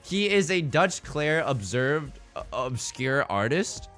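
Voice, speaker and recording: A man giving live mahjong commentary to his chat, theatrical and quick to swing between mock outrage and laughter. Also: a little high, very animated, a bit bright, soft background music. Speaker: mahjong streamer.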